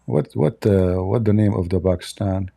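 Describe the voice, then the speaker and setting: A man's voice: lowish voice, normal speed, vocal fry, mellow. A man hosting a livestream of political commentary, blunt and opinionated, often restarting his sentences. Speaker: commentary channel host.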